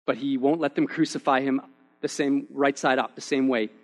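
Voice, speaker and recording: A man's voice: medium pitch, steady tone, moderate pace. A young man preaching a sermon, casual and peppered with "man", building to impassioned, emphatic peaks. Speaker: pastor.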